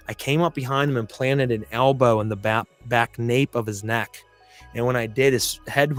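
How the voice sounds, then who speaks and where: A man at a middle pitch tells a story from his past as a podcast host. His telling is blunt and full of swearing. Music plays faintly behind him. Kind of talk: storytelling monologue.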